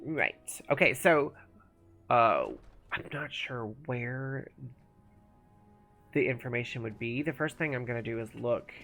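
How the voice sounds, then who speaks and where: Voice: medium pitch, measured pace, long pauses, bright, forceful tone, faint music behind. A gaming streamer chatting casually while playing, thinking aloud and sometimes mumbling. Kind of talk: casual live-stream commentary.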